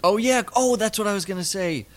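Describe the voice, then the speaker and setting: A man's voice: high-pitched, a little fast. A man co-hosting a casual podcast, rambling and trailing off, with a cold. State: has a cold. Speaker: podcast co-host.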